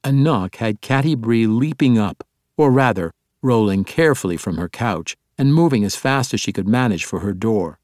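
Man, fantasy audiobook narration, lowish voice, dry close sound. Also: darkish tone, dry recording. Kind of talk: scripted narration.

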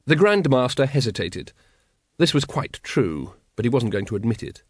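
A man's voice: medium pitch, very animated, moderate pace, breathy edge, no echo. Brief: male audiobook narrator, wry storytelling, dry close recording. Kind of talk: scripted narration.

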